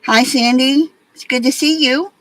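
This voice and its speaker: A woman's voice: high voice, fairly even intonation, unhurried, a bit bright, poor audio. A woman from Alabama with a Southern accent, chatting to livestream viewers in a folksy, rambling way while she beads. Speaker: livestream host. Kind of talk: casual chat while beading.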